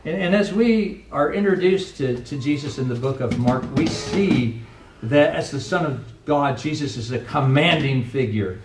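A man's voice: medium pitch, moderate pace. A male pastor giving a conversational sermon, asking rhetorical questions and acting out quoted lines. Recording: echoey room from far off, faint noise.

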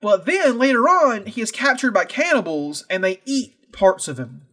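A man co-hosting a podcast, chatting casually with animated, profane, jokey storytelling. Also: high voice, normal speed. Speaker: podcast co-host. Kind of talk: casual chat.

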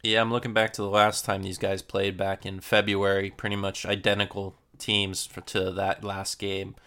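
A young man hosting a casual football podcast, previewing matches in a relaxed way with lots of fillers. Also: deep voice, moderate pace, clean tone. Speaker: podcast host.

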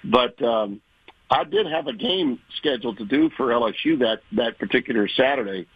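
A veteran male sportscaster from Louisiana tells career stories in a folksy, animated way. His voice is husky and a bit dull, with a dry, slightly lo-fi sound. The pitch sits in the middle. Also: moderate pace, dry recording. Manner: folksy, animated storyteller, acts out quoted voices. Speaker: sports broadcaster guest. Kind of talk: conversational interview storytelling.

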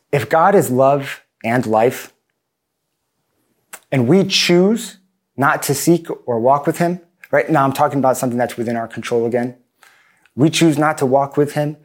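A man preaching a sermon in an earnest, plain-spoken way, with self-deprecating asides. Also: mid-range voice.

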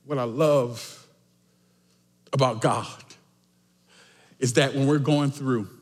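A man preaching a sermon as pastor, swinging emphatically between shouted lines and quiet asides. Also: medium pitch, steady tone, takes it slowly. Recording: echoey church hall.

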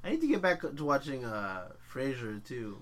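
A man's voice: mid-range voice, sing-song, moderate pace, a crowd in the background. A man chatting casually as a podcast guest, talking eagerly. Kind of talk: casual chat.

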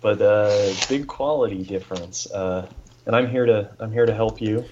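A man on a casual film podcast, talking haltingly with many pauses and restarts. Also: fairly low pitch, highs cut off, noisy background. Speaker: podcast co-host. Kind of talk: casual film review chat.

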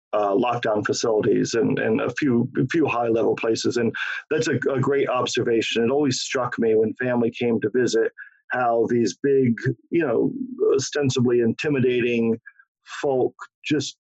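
A man hosting a conversation, reflecting in a measured way before asking thoughtful questions. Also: medium pitch, vocal fry, no echo. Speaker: host. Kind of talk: conversational podcast interview. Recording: dull, muffled lo-fi sound.

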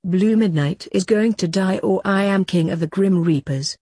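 A woman voicing a weary middle-aged male coroner who is secretly a reaper king, moaning in a put-upon way, with a husky voice. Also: medium pitch, moderate pace, warm tone, dry recording, clean studio sound, close to an everyday voice.

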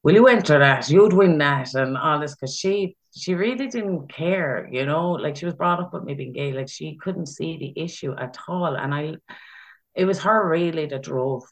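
A guest telling personal stories in casual conversation, chatty and animated, with frequent fillers. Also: mid-range voice, moderate pace, poor audio. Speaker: interview guest, Pride chairperson.

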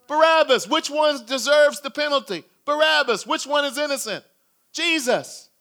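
A man giving a sermon, retelling a story dramatically with acted shouts and hushed passages. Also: extremely high pitch, lively intonation, a little slow. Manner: dramatic storytelling, acting out crowd shouts, dropping to a hush. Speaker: preacher.

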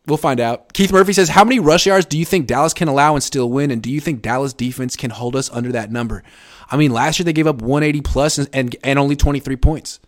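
A man hosting a casual live sports chat, reading viewer comments and giving sarcastic, animated takes. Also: fast talker. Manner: animated, sarcastic, jumps up in pitch for emphasis.

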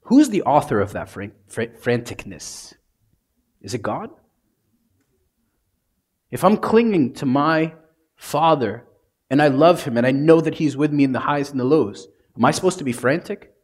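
A priest preaching a sermon with a husky, slightly breathy voice at an ordinary pitch. He talks conversationally and casually, then sinks into hushed, intimate lines for emphasis. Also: lively intonation, normal speed, pauses often. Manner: conversational, dramatic, drops to soft hushes.

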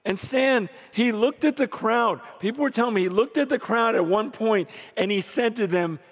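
High-voiced preacher man in a big hall. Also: moderate pace, few pauses. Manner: dramatic swings from hushed to shouting. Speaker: pastor. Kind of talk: sermon storytelling. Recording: long reverb of a large hall.

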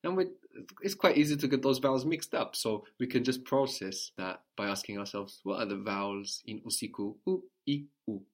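Man, language teacher, patient, repeats answers back, mid pitch. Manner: patient, repeats answers back slowly, ends points with a questioning "no?".

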